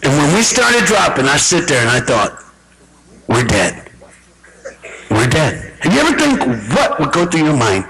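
A man telling a comic story on stage, animated and mimicking voices, laughing as he goes. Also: a little high, a little fast, gravelly, few pauses, poor audio. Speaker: Christian comedian. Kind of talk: stand-up comedy story. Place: large hall with live crowd. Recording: crowd noise from live audience. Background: audience.

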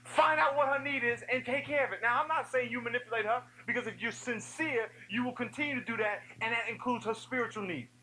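A man giving an energetic youth sermon, telling funny stories and speaking straight to the audience. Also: extremely high pitch, fast talker, few pauses, a little hiss or hum, rough recording. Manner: animated storytelling with humor; addresses the audience directly.

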